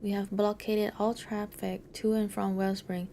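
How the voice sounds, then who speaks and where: A woman's voice: medium pitch, flat delivery, unhurried, dark tone, slight background noise, natural voice. A woman voicing a defiant strike leader with a put-on Mexican Spanish accent, reading game dialogue in a firm, commanding way.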